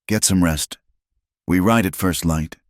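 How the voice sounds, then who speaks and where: A man's voice: sits low, a little slow, no echo, studio quality. Man voicing a terse, stoic Apache scout. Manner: terse, level, clipped sentences. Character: stoic male Apache scout, middle-aged, reserved.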